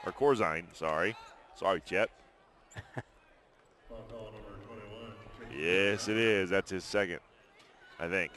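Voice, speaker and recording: A man calling play-by-play of a high school basketball game in brisk, chatty commentary from an arena booth. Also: pushed and bright. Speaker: play-by-play announcer.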